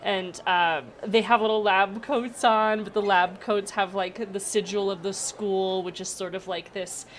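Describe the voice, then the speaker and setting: A woman's voice: mid-range voice, fairly even intonation, unhurried, few pauses. Woman game master, casual narration with lots of fillers, faint background hiss.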